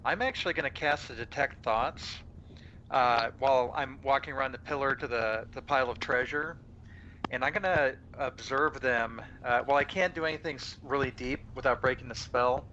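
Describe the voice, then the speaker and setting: Man player at a tabletop game, bright tone, chatty, hesitant, dull audio. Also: mid-range voice, moderate pace. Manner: chatty, hesitant, repeats words. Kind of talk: casual tabletop play. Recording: muffled with faint noise.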